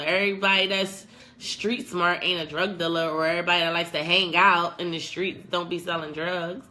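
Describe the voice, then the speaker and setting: Young woman vlog host, blunt and profane, bright forward voice. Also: lowish voice, a little hiss or hum. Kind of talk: casual advice vlog.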